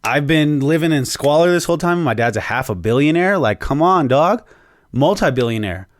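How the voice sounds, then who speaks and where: A man voicing an indignant grown man who talks in slang and complains loudly. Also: on the high side, animated, normal speed, no echo, studio quality, voice pushed up, natural voice. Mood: outraged. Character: outraged slangy grown man, newly rich-minded.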